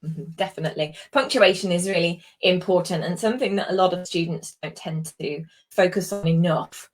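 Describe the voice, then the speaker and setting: A woman's voice: fairly low pitch, fairly even intonation, a little fast. Patient British woman teaching writing. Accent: British English. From Britain. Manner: patient, explains with examples, many ums and you knows. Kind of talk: live online tutoring session.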